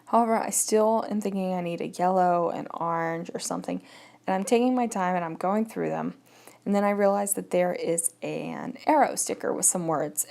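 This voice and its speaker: A woman's voice: lowish voice, creaky, darkish tone. A woman giving an easygoing, chatty voice-over of her crafting project, thinking aloud as she goes. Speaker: scrapbooking vlogger. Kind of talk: casual voice-over narration.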